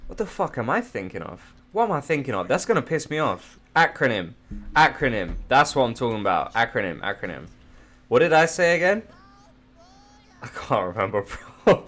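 Profane gamer, loud then muttering. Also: male voice. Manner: profane, self-mocking, swings from loud outbursts to low mumbling. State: just woken up, sore throat. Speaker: gamer streamer. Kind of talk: casual gameplay commentary.

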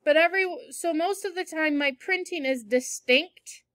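A woman's voice: sits high, moderate pace, fairly bright tone, no room sound. A woman teacher in a classroom, patiently explaining word meanings with everyday examples during a read-aloud lesson.

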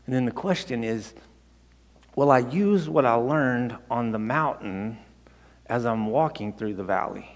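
A male pastor preaching a sermon, conversational and animated, telling the story with frequent restarts. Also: medium pitch. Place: church sanctuary. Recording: long hall reverb.

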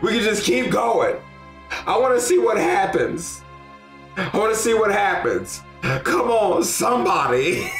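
A man streaming a game live, excitable and often shouting and laughing as he talks to his chat. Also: high voice, a little slow, roomy sound. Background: faint game music.

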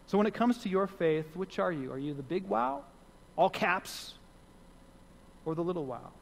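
A man's voice: sits high, animated, moderate pace, vocal fry, long pauses, slight background noise. A man preaching a sermon as pastor, earnest and repeating key phrases for emphasis. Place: church sanctuary. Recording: long hall reverb.

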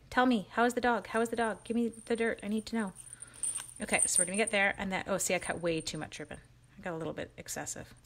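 A woman's voice: a little high, a bit bright. A woman hosting a live crafting stream, chatting with viewers by name and joking at her own mistakes as she works. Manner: chatty and self-mocking, greets viewers by name. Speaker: crafting livestream host.

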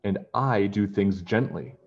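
A man voicing a gentle, stubborn male pirate in a storybook, in a raised, earnest tone. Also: fairly low pitch, unhurried, highs cut off. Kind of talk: storybook character voice.

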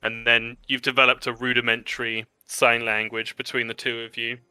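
A man narrating as game master for a tabletop role-play game, describing scenes in a warm, descriptive manner and laughing easily. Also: medium pitch, level tone, normal speed, clean tone, no room sound.

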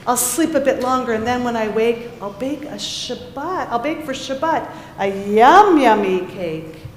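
A woman's voice: on the high side, animated, slight background noise. Woman doing a flustered little cricket baker. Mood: fretful. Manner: breathless, hurried pleading. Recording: echoey hall with faint ambience.

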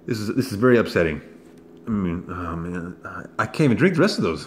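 A man reviewing products in a casual vlog, easily exasperated and breaking into loud, profane outbursts. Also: deep voice, sing-song, a little fast, slight background noise.

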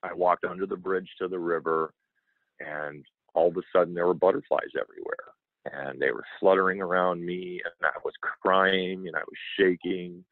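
As an interview guest, a man recounts an emotional personal story earnestly and animatedly, acting out what other people said. His voice is deep at a normal speed, and the line sounds tinny and phone-like, without echo.

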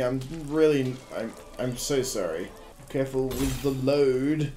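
A man's voice: medium pitch, a little slow, soft background music. A man giving jokey let's-play commentary over a game, exclaiming and making silly sound effects. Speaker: gaming video host.

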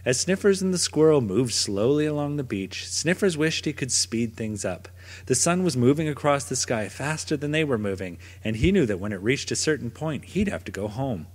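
A man reading a children's picture book aloud at a middle pitch, his voice rising and falling in a lively way. The tone is a little husky, and his gentle storytelling carries a long reverb. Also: moderate pace. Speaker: storybook narrator.

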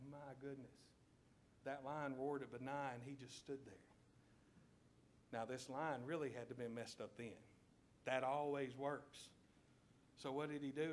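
A man preaching a sermon in a church, telling a story with lively checks of the congregation. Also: medium pitch, slight background noise. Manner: animated storytelling, addresses congregation with "okay?". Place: church sanctuary.

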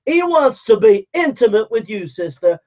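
A man preaching a fiery sermon, calling listeners to repent with forceful, repetitive exhortations and shouted commands. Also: sits high, big pitch swings, moderate pace. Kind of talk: fiery street-style sermon. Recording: dull lo-fi recording.

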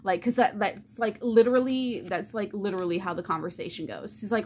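Woman vlogger rambling about a book, lots of "like" and cussing, animated, mid pitch, faint hiss behind. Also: brisk. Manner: animated, swears freely, heavy use of "like". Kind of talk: casual reading vlog chat.

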